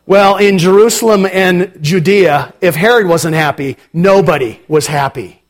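A man preaching a sermon as pastor, animated and dramatic, with sudden emphatic lines. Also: high voice, unhurried.

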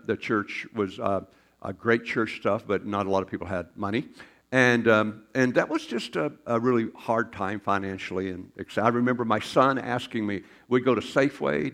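An older man preaching a sermon, telling folksy personal stories with asides and chuckles. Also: on the low side. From Arkansas. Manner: folksy storytelling with asides and laughs. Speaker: pastor.

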